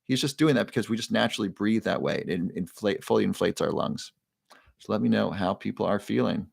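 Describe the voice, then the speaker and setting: A man's voice: on the low side, animated, fairly quick, vocal fry, slightly rough, no echo, studio quality. A man hosting a live online show, leading viewers through a breathing exercise in an upbeat, chatty way that keeps prompting the audience.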